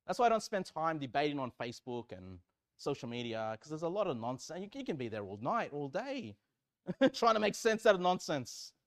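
A man preaching a sermon, swinging between loud fervent emphasis and quiet asides. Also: a little high, sing-song, fairly quick. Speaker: pastor.

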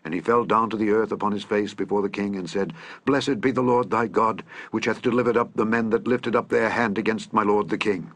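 A man's voice: lowish voice, steady tone, brisk, fairly bright tone. A man reading the lines of an eager young messenger who brings news to the king.

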